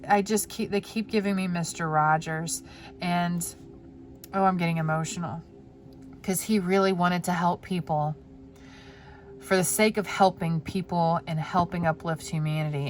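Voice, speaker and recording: A woman giving a pick-a-card tarot reading in a gentle, heartfelt way. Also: low voice, a little hiss or hum. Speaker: tarot reader.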